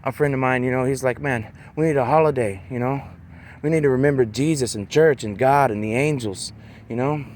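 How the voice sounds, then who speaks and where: A man rambles through a loose monologue, sprinkling in "man" and "you know" and slowing down to lean on certain words. His voice is mid-range with a darkish tone, and there's a faint hiss or hum in the recording.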